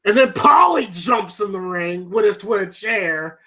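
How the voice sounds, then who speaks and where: On a dull, lo-fi recording, a man with a high voice and a measured pace recounts a film scene while co-hosting a podcast review. The talk is casual and full of swearing, and he laughs throughout, animatedly acting out lines by shouting them.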